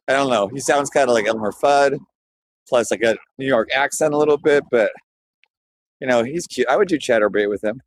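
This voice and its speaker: A man's voice: mid-range voice, fairly quick, slight background noise, poor audio. A man live-streaming from his phone while walking outdoors, chatting loosely with his viewers in a rambling, scattered way. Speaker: livestreamer. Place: outdoors, walking through a neighborhood.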